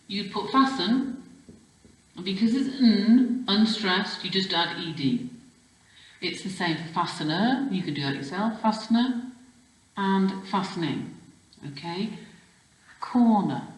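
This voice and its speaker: A woman's voice: medium pitch, reverberant, rough recording. A woman teaching a children's spelling lesson, explaining patiently step by step and checking with questions. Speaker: primary school teacher.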